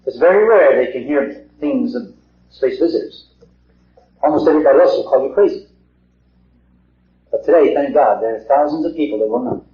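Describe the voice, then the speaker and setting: A man's voice: medium pitch, lively intonation, brisk, pauses often. A middle-aged man giving an earnest talk to a small group, asking rhetorical questions and repeating himself. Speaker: lecturer. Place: meeting hall. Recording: echoey hall, dull 1950s tape.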